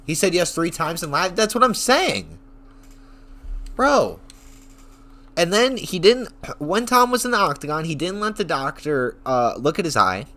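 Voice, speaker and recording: Man, streamer, casual rant, profane, rambling, slightly high voice. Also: measured pace. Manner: excitable, profane, rambling storytelling. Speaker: online streamer.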